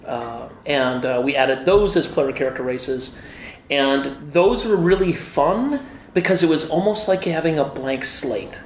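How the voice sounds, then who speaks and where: Speaking unhurriedly in a slightly high voice, a middle-aged game designer eagerly tells stories during a casual interview at a busy convention. Fillers crowd his animated speech, while the echoey hall leaves faint ambience and slight background noise.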